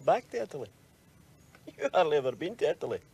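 An actor playing a teasing, mocking older relative in a television drama. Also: male voice, a little high, sing-song, quick pace, creaky, darkish tone, husky, full character voice.

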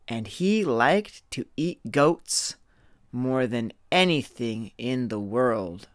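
A man reads a children's fairy tale aloud at a very slow, measured pace. His voice sits in an ordinary middle pitch, and the recording is dry and close. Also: a bit bright, clean tone, no echo. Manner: slow, deliberate reading aloud. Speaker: storyteller. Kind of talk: children's story reading.

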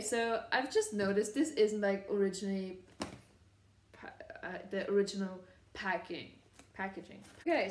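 A woman's voice: mid-range voice, a little mellow, a little hiss or hum. Giggly young woman in an echoey room. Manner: gushing, giggly, lots of fillers. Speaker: vlogger. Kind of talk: casual unboxing vlog. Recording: echoey room, mic at a distance.

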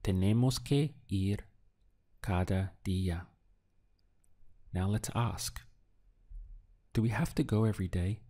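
A man in a recorded lesson, patient and deliberate, pausing for the learner to answer. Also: fairly low pitch, warm tone. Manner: slow, patient drills with pauses for the learner. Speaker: language teacher.

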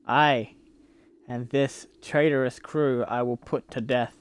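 A domineering old king from a stage play commands and threatens in booming, old-fashioned speech, as a man acts him out. The speech is loud and forceful, and he lets no one argue. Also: fairly even intonation, slow, clear, resonant tone, natural voice. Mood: angry.

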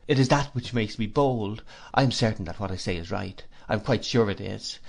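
A man reading an audiobook, voicing a gentle, earnest young woman who speaks softly and steadily. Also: on the low side, fairly quick, gravelly.

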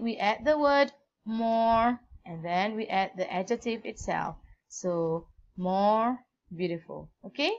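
A woman's voice: mid-range voice, muffled recording. A woman with a Malaysian English accent teaching a grammar lesson, spelling words out letter by letter.

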